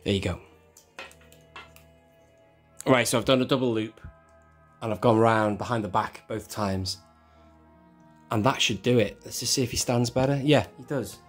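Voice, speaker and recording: Hosting his own toy collector channel, a man talks through a hands-on toy tutorial at normal speed with long pauses, rambling chattily and correcting himself. His voice is mid-range, with soft background music.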